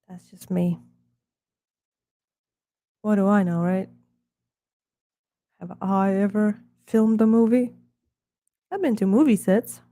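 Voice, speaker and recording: A woman talks slowly and loosely to herself while she works on a live stream, drifting between murmured asides and rambling chat. Her voice is mellow and dark, close to the mic in a dry, dead room. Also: medium pitch, no room sound.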